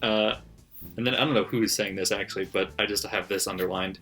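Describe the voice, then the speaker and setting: A man's voice: lowish voice, fairly even intonation, fairly quick, gravelly, pushed and bright. A man casually reading out his margin notes from a book, laughing often and swearing freely. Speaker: book vlogger. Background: faint background music.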